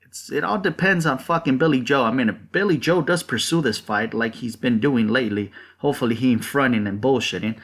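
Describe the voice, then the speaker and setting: A man's voice: mid-range voice, fairly quick, a bit bright. Profane, heated man ranting. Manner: rambling with frequent fillers. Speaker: boxing channel host. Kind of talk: casual ranting commentary.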